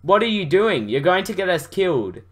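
A man's voice: sits high, big pitch swings, normal speed, voice pushed up. A man voicing a panicky, hotheaded young male hero in an overwrought way. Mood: alarmed.

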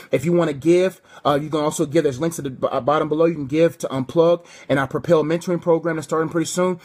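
A man preaching a livestreamed sermon, impassioned, swinging between fervent and hushed delivery. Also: on the high side, slightly rough. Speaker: preacher and coach. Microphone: phone or webcam on a live stream.

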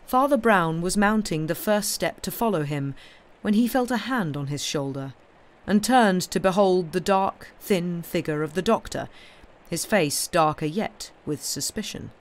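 A man with a slightly high voice reads a classic mystery aloud on a live stream. His narration is steady and even. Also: measured pace. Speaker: reader.

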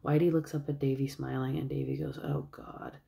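A woman's voice: very deep voice, flat delivery, fast, creaky, dark tone, slight background noise. A woman casually retelling a movie plot in a rambling way, with many fillers. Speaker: vlogger.

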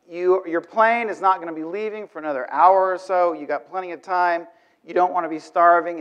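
Man telling a story in a sermon. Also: fairly high pitch. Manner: animated storyteller, acts out inner thoughts with many restarts. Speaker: church speaker. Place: church sanctuary. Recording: dull lo-fi church recording.

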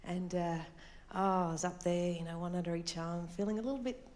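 A woman with a lowish voice and a slightly fast delivery does stand-up comedy, chatting and mocking herself as she tells her story. She's recorded on a live stage mic with a loud crowd and audience laughter, plus a little hiss or hum.

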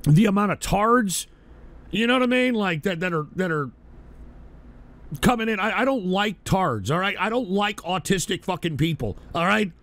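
A man hosting a livestream, ranting bitterly and profanely, with wild swings between shouted outbursts and tired, low muttering. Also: expressive, moderate pace. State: drinking, weary. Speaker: livestream host. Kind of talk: angry livestream rant.

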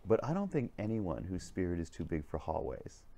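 A man's voice: deep voice, wildly swooping pitch, normal speed, gravelly, dark tone, heavily acted. A man voicing an earnest, curious seven-year-old girl who asks matter-of-fact questions.

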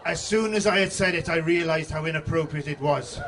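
A married man doing a deadpan stand-up routine on a club stage, dropping quiet asides. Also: a little high, brisk, slight background noise. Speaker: stand-up comedian.

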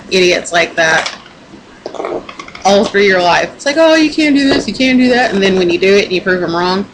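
A young woman in a casual vlog pep talk, rambling and emphatic, swearing a lot as she talks to her camera at home. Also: fairly low pitch. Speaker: vlogger. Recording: noisy home recording.

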